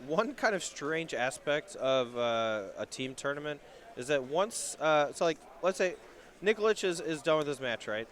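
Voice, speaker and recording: A man from the American South gives color commentary on a card game, relaxed and full of joking asides. His voice is bright and a little high. He explains strategy in an easy, chatty way. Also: moderate pace. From Southern United States. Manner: laid-back, joking analysis with asides.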